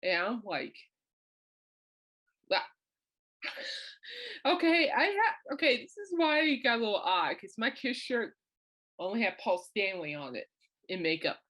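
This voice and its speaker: A woman's voice: fairly high pitch, big pitch swings, moderate pace, a bit bright. A middle-aged woman hosting a podcast, chatting through a personal story, laughing often and acting out what others said. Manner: chatty, laughs often, acts out quoted people. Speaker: podcast host. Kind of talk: casual storytelling monologue.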